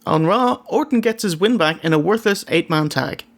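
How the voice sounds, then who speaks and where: A man's voice: sits high, expressive, moderate pace. An Irish man co-hosting a wrestling review, reading a scripted recap with sardonic, jokey asides. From Ireland. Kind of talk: scripted comedic review narration.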